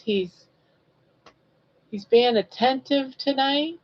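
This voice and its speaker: Woman in her 60s, live-stream host, slow and chatty, teases her viewers, slightly dull lo-fi audio. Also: mid-range voice, steady tone. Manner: chatty, reads viewer comments aloud and teases. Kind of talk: casual live-stream chat.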